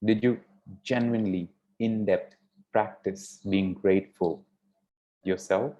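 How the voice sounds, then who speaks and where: Slow, measured male storyteller. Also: fairly low pitch, fairly even intonation, warm tone. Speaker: speaker at a yoga festival. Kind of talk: inspirational storytelling talk. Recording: dull lo-fi sound.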